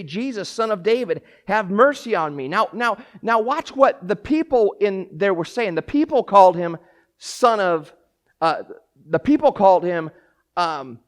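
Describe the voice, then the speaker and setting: A man preaching with a high voice that jumps from quiet, hushed asides to near-shouted cries. He acts out the lines he quotes and often repeats and restarts his phrases, delivering a lively, animated sermon. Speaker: pastor.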